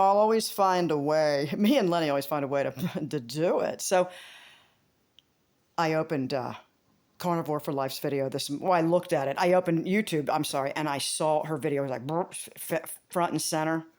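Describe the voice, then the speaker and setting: Woman, casual vlogger; loose, rambling, profane, quick to laugh, with wide pitch jumps. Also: darkish tone. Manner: rambling, swearing, laughing, big pitch swings.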